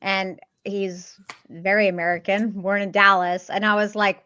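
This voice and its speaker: Bright-voiced emphatic woman, slightly dull sound. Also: medium pitch, unhurried, smooth. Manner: animated, emphatic, blunt. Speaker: podcast co-host, actor. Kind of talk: casual film review chat.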